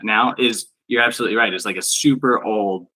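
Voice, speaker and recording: A male podcast guest with a strikingly bright, forceful voice, pitched fairly low. He explains things in a relaxed, casual way and peppers his speech with "like". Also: a little fast, poor audio. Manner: relaxed, explanatory, uses "like" a lot. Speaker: podcast guest, live event designer. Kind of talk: casual chat.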